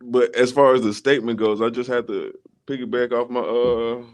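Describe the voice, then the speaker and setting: A man on a podcast panel works through his argument at a measured pace. His voice sits in a middle pitch, and he sprinkles in "uh" and "you know what I'm saying" as he goes. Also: steady tone. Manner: measured, reasoning, with frequent fillers. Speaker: podcast co-host. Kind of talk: casual chat.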